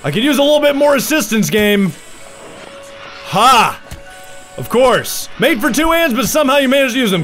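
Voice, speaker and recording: A man hosting a let's play, giving sarcastic, excitable commentary as he plays a horror game. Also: very high-pitched, moderate pace, long pauses, faint music behind. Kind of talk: casual gameplay commentary.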